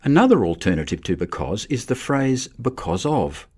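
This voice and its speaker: A man giving a measured, scripted narration for a lesson on writing. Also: medium pitch, sing-song, darkish tone, husky. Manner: measured, explanatory. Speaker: teacher.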